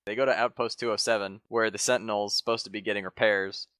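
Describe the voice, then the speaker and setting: A man with a smooth, resonant low voice talks through a podcast in loose, rambling chat. He swears casually and leans on fillers, recorded dry and close. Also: fairly even intonation, quick pace, pushed and bright, no room sound. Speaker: podcast co-host.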